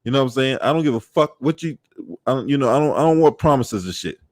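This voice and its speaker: A man's voice: medium pitch, expressive, fast talker, no room sound, studio quality. Profane, laughing male livestreamer. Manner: profane, laughing, shouting out viewers. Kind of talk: casual livestream chat.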